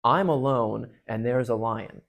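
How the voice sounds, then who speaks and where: A man's voice: mid-range voice, a little slow, creaky. A man reading aloud and voicing a frightened schoolgirl who talks in an anxious, pleading way. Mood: worried.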